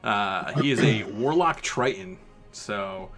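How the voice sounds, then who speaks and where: A man's voice: lowish voice, lively intonation, slow. A man hosting a tabletop game stream, introducing the players in a rambling way with many fillers and restarts. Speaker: host.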